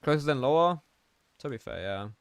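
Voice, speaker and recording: A man's voice: fairly high pitch, expressive, brisk, clear, resonant tone, dry recording. A young man streaming a game, chatting casually, reading out his chat and laughing often. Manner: slangy, reads chat aloud, laughs often.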